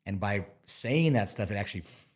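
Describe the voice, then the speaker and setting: Deep-voiced man explaining bear safety calmly. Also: brisk. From Montana. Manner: relaxed, explains with playful acted-out asides. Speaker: bear expert guest. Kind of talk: casual interview talk.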